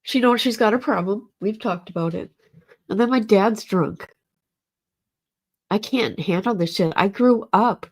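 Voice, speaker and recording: A woman's voice: mid-range voice, a little mellow. A middle-aged woman, grieving, talking casually and emotionally to her livestream chat. She rambles and swears. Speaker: livestream host.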